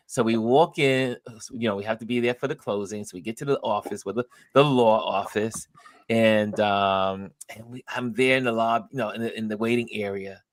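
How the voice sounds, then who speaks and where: A man's voice: lowish voice, no room sound. A man hosting a live stream, chatting casually and animatedly acting out the people in his stories. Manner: animated storyteller, acts out others' lines. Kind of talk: casual chat.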